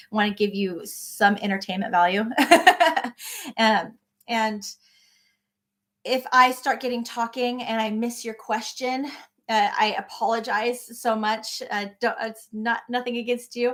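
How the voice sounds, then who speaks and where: A woman's voice: on the high side, fairly bright tone. A middle-aged woman hosting a crochet live stream from her home office, chatting casually and greeting viewers by name.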